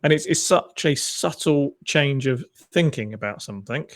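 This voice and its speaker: A man's voice: mid-range voice, lively intonation, moderate pace. A man hosts an interview, posing questions and sharing his own ideas in a thoughtful, hedging manner. His voice sits in an ordinary middle register. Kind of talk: conversational interview.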